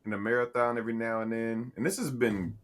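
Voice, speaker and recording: A man's voice: medium pitch, fairly even intonation, fast talker. A man co-hosting a podcast, chatting casually and profanely, rambling and restarting his sentences as he tells stories. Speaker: podcast co-host. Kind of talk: casual chat.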